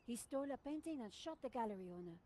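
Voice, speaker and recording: Here is a woman voicing a curious, confident young journalist in a video game. She speaks in a brisk, probing way, with a fairly high voice and lively intonation over a faint hiss. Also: close to an everyday voice.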